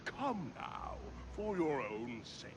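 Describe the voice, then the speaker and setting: This is a condescending villain from an animated film. He speaks slowly, with a lively rise and fall. A loud layer of noise sits beneath the clip. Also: a little high, exaggerated voice. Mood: mocking. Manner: mocking, condescending.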